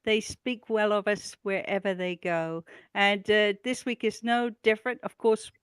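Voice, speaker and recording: Her medium-pitched voice is clear and resonant, fairly even in intonation and a little slow, captured on a dry recording. The woman presents a regular events roundup on a talk show, chatty and enthusiastic, with lots of fillers throughout the casual community news.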